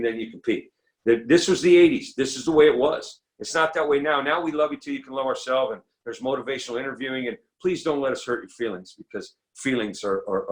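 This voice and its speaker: A middle-aged man speaking at a recovery meeting, telling comic stories with lively, acted-out quotes. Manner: animated storyteller, acts out quotes in a higher voice. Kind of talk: comedic recovery talk.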